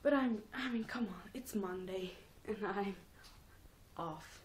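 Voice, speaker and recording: A woman's voice: medium pitch, takes it slowly, a little hiss or hum. A teenage girl rambling casually in a home vlog, giggling and mocking herself between thoughts. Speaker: vlogger.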